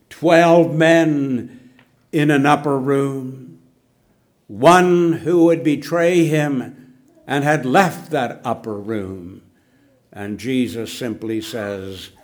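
An older man preaching a sermon, swinging from loud emphasis down to hushed, near-whispered words. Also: mid-range voice.

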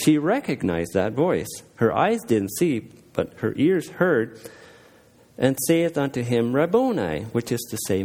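A man with a mid-range voice gives a plain devotional talk, reading scripture aloud and reflecting on it. He speaks earnestly and without polish, pausing often with small fillers. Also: medium pitch, mellow. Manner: earnest, unpolished, with frequent pauses and fillers. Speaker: lay speaker sharing a devotional.

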